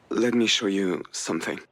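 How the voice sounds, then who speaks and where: An actor playing a weary, troubled man reaching out to his family, speaking in a subdued, husky voice for a game. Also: on the low side, a bit bright. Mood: pleading. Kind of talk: game voice acting.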